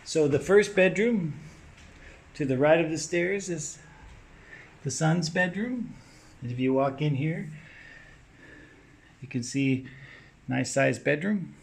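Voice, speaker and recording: A house tour vlogger films inside a large house, casually narrating and pointing things out as he moves from room to room. His voice is a little high and creaky, slow, with frequent pauses.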